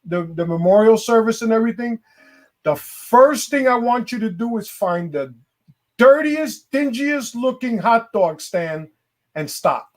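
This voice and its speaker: A man with a notably high voice chatting casually with a friend. He tells stories in an animated way and drags out words for emphasis. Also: a little slow. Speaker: friend calling in. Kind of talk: casual chat.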